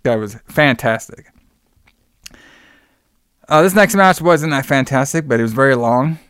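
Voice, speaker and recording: Animated man with a smooth voice. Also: mid-range voice, measured pace, dry recording, clean studio sound. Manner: animated storytelling, swears freely. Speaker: podcast co-host. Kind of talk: casual chat.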